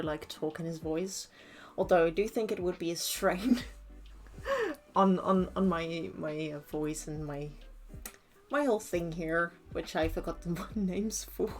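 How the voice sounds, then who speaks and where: A young woman streaming while she crafts, chatting casually, giggling often and hesitating with many restarts. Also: medium pitch.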